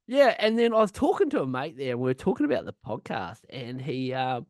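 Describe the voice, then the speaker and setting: Male podcast co-host, casual rambling storyteller, heavy swearing, mid-pitched, dry close sound. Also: big pitch swings, fairly quick, darkish tone, no room sound. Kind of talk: casual chat.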